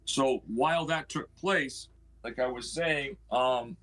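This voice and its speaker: A man's voice: medium pitch, takes it slowly, fairly bright tone, rough recording. A middle-aged man, a homeowner, telling the history of his house in earnest, acting out the words of the people in it. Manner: earnest storyteller who acts out quoted speech. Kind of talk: storytelling on a live stream.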